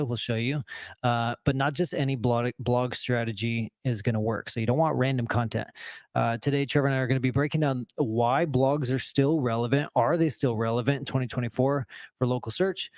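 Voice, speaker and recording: A man's voice: medium pitch, steady tone, moderate pace, a little mellow, dry recording. A man co-hosting a live marketing show, upbeat and friendly in casual chat with a few fillers.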